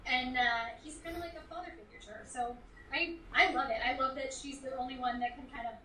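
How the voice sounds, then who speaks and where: A woman's voice: high-pitched, fairly even intonation, fast, bright, forceful tone, distant mic, a little hiss or hum. A woman, a voice actress, chatting enthusiastically as a guest in a casual interview. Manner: enthusiastic, gushing. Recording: echoey room, somewhat off-mic.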